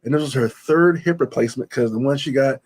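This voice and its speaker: A man's voice: mid-range voice, quick pace, slightly rough. A man as a guest, telling an emotional personal story and retelling conversations in quoted speech, choked up at times.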